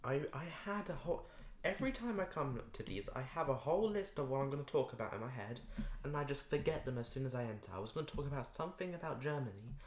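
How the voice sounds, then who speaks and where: A man's voice: mid-range voice, animated, fast. A man chatting casually on a live stream while he draws, rambling and poking fun at himself. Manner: rambling, self-mocking, repeats words playfully. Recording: echoey room, faint noise.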